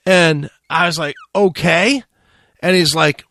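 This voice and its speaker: A man's voice: sits high, expressive, moderate pace, bright, forceful tone, no room sound, studio quality. A man hosting a radio talk show, telling a long profane story and acting out the quotes. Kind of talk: casual storytelling.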